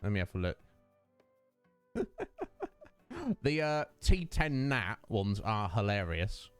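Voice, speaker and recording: Lively chatty streamer, late thirties. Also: male voice, on the low side, slow, smooth, no echo, faint music behind. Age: 30s. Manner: chatty, greets viewers by name, laughs often. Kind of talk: casual chat with livestream chat.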